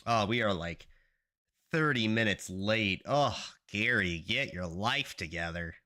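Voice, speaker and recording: A man with a sore throat chatting casually on a live stream, excitable and jumping into high playful greetings from his apartment. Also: a little slow. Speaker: game dev streamer.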